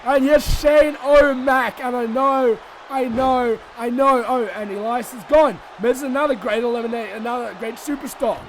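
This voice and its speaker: High, excitable man shouting game commentary. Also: moderate pace, slight background noise. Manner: excitable and shouty, swinging between rants and mock outrage. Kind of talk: excited solo commentary over a wrestling video game.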